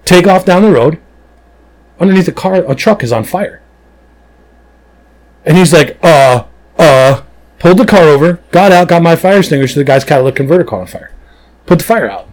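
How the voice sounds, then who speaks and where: A man's voice: on the high side, a little fast, long pauses, poor audio. A man who works as a police officer, chatting casually on a podcast in an emphatic, blunt way. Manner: animated storyteller, emphatic and blunt.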